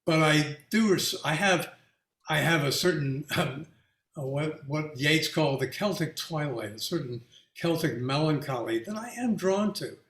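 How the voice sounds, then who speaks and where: Male artist, slightly high voice, stop-and-start talk, echoey room. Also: animated, fairly bright tone. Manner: halting with many restarts, laughs while telling anecdotes. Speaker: featured artist answering audience questions. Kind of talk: reflective casual talk.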